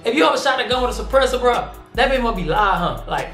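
A man with a high voice reacting to a song and talking straight at the artist. He speaks fast and slangy, calls everyone bro and big homie, and jumps between jokes and mock lectures. His voice bounces around an echoey room. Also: faint music behind. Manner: animated, slangy, keeps addressing the rapper as bro and big homie. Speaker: music reaction video host. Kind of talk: casual reaction commentary.

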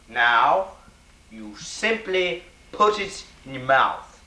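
A man doing an improvised comic rant, swearing constantly and breaking into sudden angry yells. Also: medium pitch, big pitch swings, slow, slight background noise. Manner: profane, angry outbursts, sudden yelling. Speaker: comedic ranter. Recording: roomy home camcorder sound.

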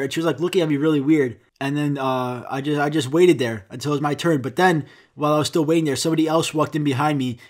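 Rambling, profane man telling a comic story. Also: fairly high pitch. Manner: rambling, profane, acts out quotes. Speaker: podcast host.

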